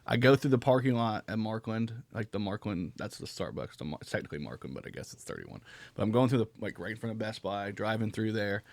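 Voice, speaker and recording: A man's voice: lowish voice, fast talker, no echo. A man hosting a podcast, telling a rambling, profane story in casual chat. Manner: animated, swearing, rambling anecdote. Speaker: podcast host.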